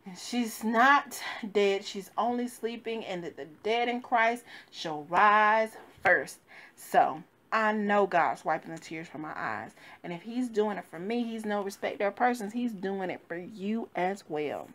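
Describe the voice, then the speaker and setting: A woman minister giving a devotional sermon, fervent and rising and falling with emphasis, at times soft and grieving. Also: mid-range voice, animated, unhurried.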